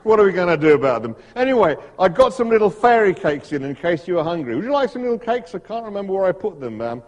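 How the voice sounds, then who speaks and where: A grumpy, fussy older Australian snake expert, as a man puts him on in a put-on Australian accent. He grumbles and sounds impatient in a raised, higher voice. Long reverb from a large hall trails behind him. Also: very animated, fast, dull audio. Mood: grumbling.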